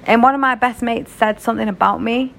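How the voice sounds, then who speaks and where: A woman's voice: a little high, fairly quick, creaky, a bit bright. A young British woman telling a story in a casual vlog, frank and chatty, swearing freely. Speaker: vlogger.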